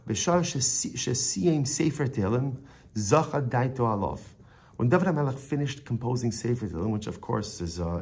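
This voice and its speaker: A man's voice: medium pitch, gravelly, darkish tone, breathy edge. A man giving a Torah lesson as a rabbi, telling the story with Hebrew phrases woven in and often repeating words as he thinks.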